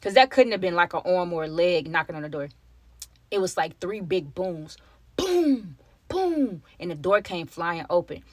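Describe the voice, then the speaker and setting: A woman's voice: lowish voice, normal speed, dry recording. A young woman telling a personal story to her viewers in a casual, chatty way, often calling them y'all. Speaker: storytime vlogger.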